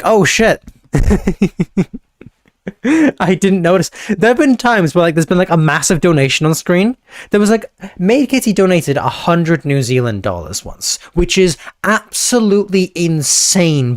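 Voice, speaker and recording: Speaking at a fairly high pitch, this young man is live-streaming and casually rambling to his audience, often dropping sentences halfway to fondly thank viewers. The sound is dry and studio-quality, though he holds his handheld microphone awkwardly.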